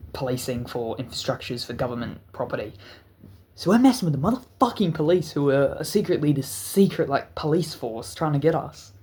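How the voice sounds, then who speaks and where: A man telling a wild story in a storytime vlog, stuttering often and cursing freely. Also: mid-range voice. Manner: stuttering, profane, animated storytelling. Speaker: channel host.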